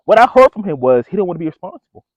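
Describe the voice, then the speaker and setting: A man's voice: sits high, sing-song, very fast, no room sound. A man vlogging casually to his viewers, telling a story in a loose, slangy way and calling them bro and folks. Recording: dry phone-like audio.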